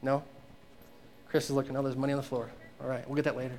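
A man's voice: mid-range voice, little pitch movement, quick pace, darkish tone, slight background noise. Conversational man preaching a sermon. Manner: conversational, asks the congregation questions, acts out quotes. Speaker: pastor.

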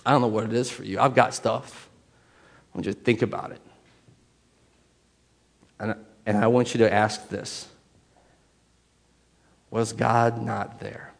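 A man preaching a sermon as pastor, shifting between loud emphatic passages and hushed ones, and acting out inner voices. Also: on the low side, flat delivery, a little slow, gravelly, long pauses, big-room sound.

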